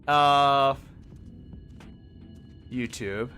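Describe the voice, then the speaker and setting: A man's voice: medium pitch, drawn-out words, sharp tone, faint music behind. A man streaming a game, chatting casually in a playful, self-mocking way and laughing at himself. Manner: playful, laughing, self-mocking, switches between English and Japanese. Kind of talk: casual live-stream chat.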